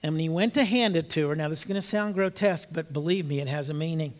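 An older man preaching a sermon, telling a story in a hushed voice and rising to emphatic appeals. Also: a little high, quick pace. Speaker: pastor.

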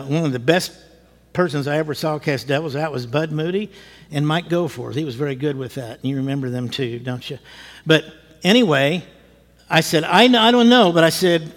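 A male pastor telling a story in a sermon, lively and animated, acting out what people said and chuckling as he goes. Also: a little high, long reverb tail. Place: church.

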